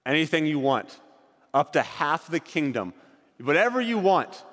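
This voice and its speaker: A man's voice: a little high, very animated, unhurried, fairly bright tone, in a large hall. A man voicing an ancient king making a generous offhand offer, in a Bible story told to a group.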